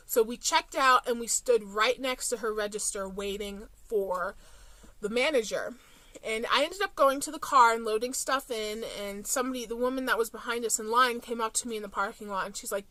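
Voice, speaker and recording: A woman's voice: on the high side, normal speed, pushed and bright, no echo. A young woman vlogging about couponing, telling a story in a chatty, casual way with frequent fillers.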